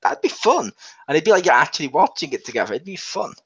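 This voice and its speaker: A young man co-hosting a casual chat about video games, talking in a chatty, animated way and laughing often. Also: a little high, fast, slightly rough. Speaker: podcast co-host. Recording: dull lo-fi sound.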